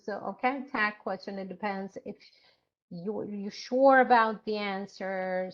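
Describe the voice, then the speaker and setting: A woman instructor giving an online lecture, explaining slowly with frequent hesitations and fillers. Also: mid-range voice, fairly even intonation, lo-fi sound.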